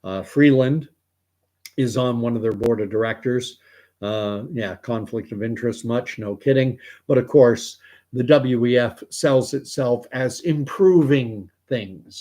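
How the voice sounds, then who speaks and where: Canadian male stream host, middle-pitched, rambling and digressive, reads chat aloud. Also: slow, a little mellow. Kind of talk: livestream commentary reading viewer chat.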